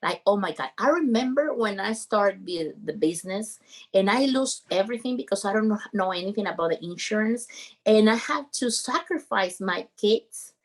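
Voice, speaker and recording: A roofing business founder, a guest on a podcast, recounts an emotional story conversationally in English at a normal speed. Her mid-range voice is animated and earnest, and her grammar is non-native.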